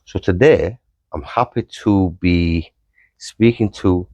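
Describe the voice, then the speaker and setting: A man's voice: low-pitched, takes it slowly, a little mellow, no echo, highs cut off. A man hosting a podcast in an easygoing, casual way, chuckling as he sets up his questions. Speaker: podcast host.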